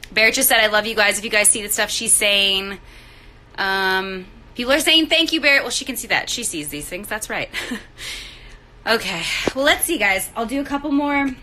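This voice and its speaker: A woman's voice: medium pitch, bright, forceful tone, slight background noise, poor audio. A woman hosting a casual livestream outdoors by the trailers on a film set, out of breath, bubbly and rambling, talking into a phone held at arm's length. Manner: bubbly, rambling, laughs often.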